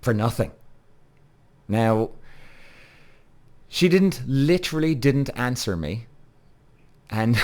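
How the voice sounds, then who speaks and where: A man's voice: mid-range voice, lively intonation, a little slow, pauses often, a little mellow. A man in his thirties tells a story on his own podcast in a loose, conversational monologue. He is blunt and swears freely. He keeps turning to the listeners with direct asides. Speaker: podcast host.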